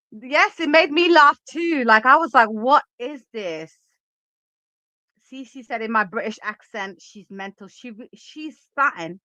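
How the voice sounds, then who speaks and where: Emphatic woman host with a bright voice. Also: mid-range voice, no room sound. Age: adult. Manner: opinionated and emphatic, reads chat aloud. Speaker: livestream commentary host. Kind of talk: casual livestream commentary.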